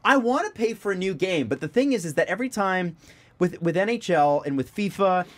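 A man's voice: high-pitched, animated, fairly quick. A man hosting a casual sports podcast, rambling through his points and laughing often. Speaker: podcast host.

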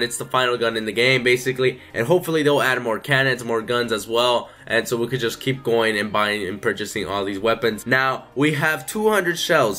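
A young man hosting a gaming channel, giving loud, profane gameplay commentary and often breaking into excited shouts. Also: medium pitch.

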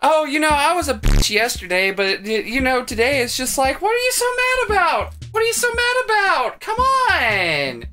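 A man's voice: extremely high pitch, very animated, moderate pace, hardly any pauses, voice pushed up. A man doing a sarcastic, whiny impression of a teenage girl bully. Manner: sarcastic, exaggerated.

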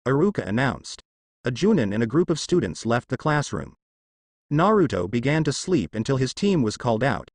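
A man reading fan fiction aloud as narrator, in a lively, sing-song delivery. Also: medium pitch, brisk, no room sound.

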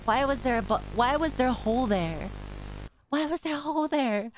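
High-voiced woman screaming through a stream. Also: lively intonation, normal speed, over music, rough recording. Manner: panicky, yelling and swearing. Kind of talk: live horror game stream.

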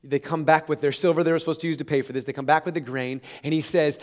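A man preaching a sermon, retelling a scripture story in an animated, conversational way with chuckles. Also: fairly high pitch, fast, hardly any pauses. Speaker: pastor.

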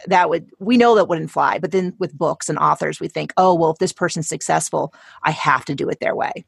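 A woman's voice: deep voice, fairly quick, creaky, husky, no echo, clean studio sound. A woman author guest talking casually in an interview, chatty and emphatic, often restarting her sentences.

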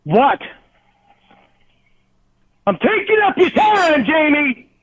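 A man's voice: very high voice, very animated, takes it slowly, a bit bright, no echo. A jealous, crying man swears nonstop and hurls accusations in a rant over the phone. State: crying, voice cracking. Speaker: angry caller. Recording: tinny phone line.

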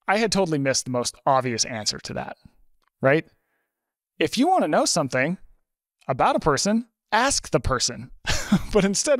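A man in a conversational podcast interview, a lively storyteller who talks with plenty of fillers. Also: a little high, no echo, clean studio sound. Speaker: podcast guest, author.

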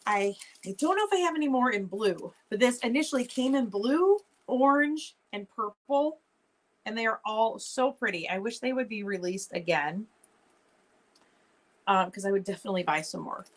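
Woman host, mid-pitched, chatty and upbeat, running a casual live sale. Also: expressive, normal speed. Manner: chatty, upbeat, talks straight to viewers. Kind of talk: casual live-stream selling chat.

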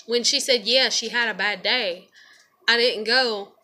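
A woman's voice: on the high side, measured pace, pushed and bright. A tired young woman, venting to camera in a rambling, profane way and laughing often. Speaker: vlogger.

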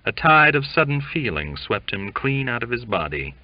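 A man narrating a classic novel in an audiobook, reading in a measured, deliberate way. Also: mid-range voice, very animated, no echo. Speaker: audiobook reader. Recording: dull lo-fi dry recording.

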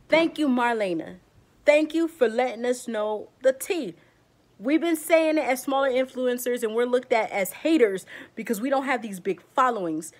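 Fired-up woman ranting, close to tears. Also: a little high. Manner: fired-up, emotional and blunt, with casual slang. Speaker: beauty vlogger. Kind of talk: heated vlog rant.

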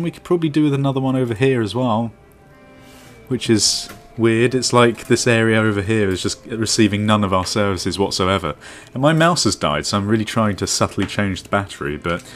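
A man's voice: lowish voice, fairly quick. A man giving casual let's-play commentary, thinking aloud and teasing himself as he plays. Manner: thinks aloud, self-mocking asides. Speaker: game commentator. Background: faint background music.

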